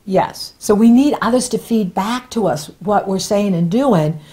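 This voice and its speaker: A woman's voice: mid-range voice, unhurried. A woman giving a casual spoken horoscope reading as an astrologer, chatty and encouraging, often laughing between points. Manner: warm, encouraging advice-giving.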